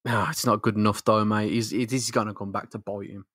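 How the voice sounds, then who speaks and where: A man's voice: fairly low pitch, little pitch movement, brisk, a bit bright, no room sound, studio quality. A man co-hosting a casual comic-book podcast, making emphatic points, swearing and laughing along. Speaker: podcast co-host.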